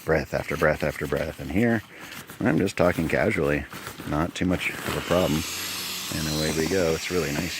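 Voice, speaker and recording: A man's voice: very deep voice, normal speed, background noise. A man casually demonstrating camping gear inside a small tent, chatty and folksy, recorded on a handheld phone. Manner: chatty, folksy, thinking aloud. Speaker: outdoor gear reviewer. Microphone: phone held in hand.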